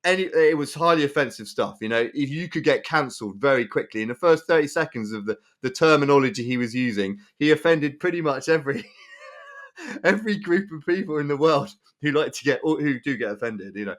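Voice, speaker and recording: A man co-hosting a podcast, telling a story in casual chat. His voice sits a little high, and he talks in an animated way, often repeating himself and restarting his sentences. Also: brisk. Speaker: podcast co-host.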